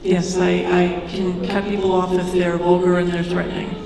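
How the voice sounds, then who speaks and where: Woman chairing the meeting, flat voice, far off mic, echoey room with lots of noise. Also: fairly low pitch, normal speed, gravelly, over a noisy crowd. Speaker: board chair. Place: county board chamber. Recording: echoey chamber from a distance, loud background noise.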